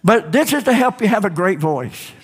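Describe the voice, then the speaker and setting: A male pastor preaching a sermon in a church, emphatic and rising to shouts, calling for responses from the congregation. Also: high voice, sing-song, normal speed, breathy edge. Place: church sanctuary. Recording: long hall reverb.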